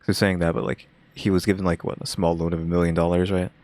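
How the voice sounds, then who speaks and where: Young guy w a deep voice, rambly reaction chat, lots of likes and uhs. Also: flat delivery, quick pace, darkish tone. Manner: rambling, musing, many fillers. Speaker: reaction video host. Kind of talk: casual reaction commentary.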